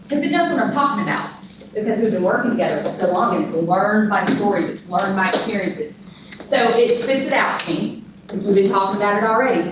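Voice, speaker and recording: Texan woman speaking in an echoey room. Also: mid-range voice. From Texas. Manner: animated storytelling, acts out dialogue. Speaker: conference speaker. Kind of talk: presentation with audience Q&A. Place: conference room. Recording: echoey room from far off, noisy.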